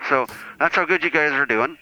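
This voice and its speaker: A man's voice: a little high, brisk, noisy background, close to an everyday voice. A man voicing a self-important, rambling priest calling in to the show. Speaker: caller. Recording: dull phone-line call.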